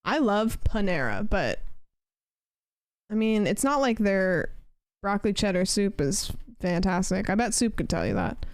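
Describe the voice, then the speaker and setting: A woman's voice: mid-range voice, sing-song, unhurried, dry recording. Chatty young woman streamer, dry close sound. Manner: chatty, rambling, reads and answers chat. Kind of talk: casual chat while gaming.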